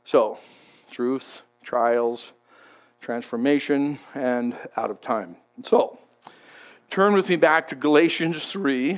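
A man's voice: mid-range voice, slow pace. A man preaching a sermon in a conversational, emphatic way, often repeating words as he goes. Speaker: pastor.

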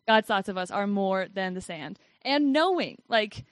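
A woman's voice: mid-range voice, animated, measured pace, dry recording. A woman giving a casual devotional talk and reading Bible verses, who says "like" a lot and laughs often. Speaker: Bible study speaker.

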